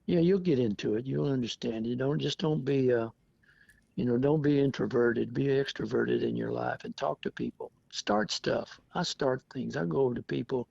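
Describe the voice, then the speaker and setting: Gravelly older man telling old stories. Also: mid-range voice, moderate pace, darkish tone, no room sound. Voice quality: gravelly, husky. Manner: chatty, laughs often, acts out quotes. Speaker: veteran interviewee. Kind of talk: oral history storytelling. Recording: dull lo-fi dry recording.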